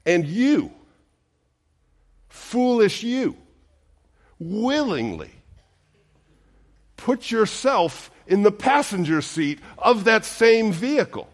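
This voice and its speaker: Slow, earnest male preacher. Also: sits high, very animated. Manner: earnest, emphatic preaching with rhetorical questions. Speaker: pastor. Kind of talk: sermon.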